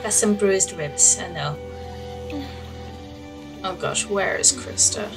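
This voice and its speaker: A woman's voice: medium pitch, slow, recorded from a distance, over music, low-quality recording. A woman playing a video game, commenting as she goes, yelping at the action and reading signs aloud. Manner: excitable, yelps and swears at the game, reads signs aloud. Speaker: gamer. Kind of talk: let's play commentary.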